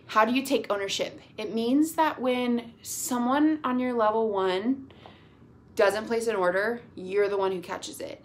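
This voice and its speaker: A woman giving an upbeat, gushing motivational talk to her team over a video call, full of "like" and "y'all". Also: a little high.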